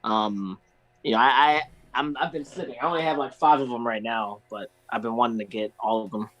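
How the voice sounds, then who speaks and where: A man's voice: mid-range voice, brisk, fairly bright tone, rough recording. A man in his thirties on a convention panel, chatting casually and rambling with lots of fillers and easy laughs over a video call.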